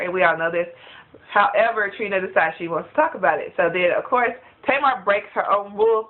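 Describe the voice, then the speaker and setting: A woman chatting in a casual review vlog, gossipy and animated, laughing often. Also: medium pitch. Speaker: reality TV reviewer. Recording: tinny phone-like sound.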